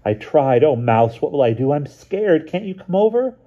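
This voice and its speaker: A man's voice: on the low side, big pitch swings, brisk, husky, phone-quality sound. A man reading a storybook aloud, voicing an anxious girl who talks in a worried, pleading way. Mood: scared.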